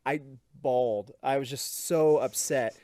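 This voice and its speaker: A man's voice: mid-range voice, measured pace, no room sound. Texan man telling a story, dry studio sound. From Texas, USA. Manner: animated, self-mocking anecdote. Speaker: podcast host. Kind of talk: casual storytelling.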